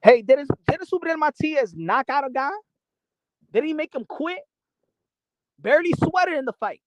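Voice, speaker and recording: Heated high-voiced host. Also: male voice, lively intonation, moderate pace, dry recording. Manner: heated, mocking, switching between English and Spanish. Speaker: boxing channel host. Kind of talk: livestream commentary answering chat.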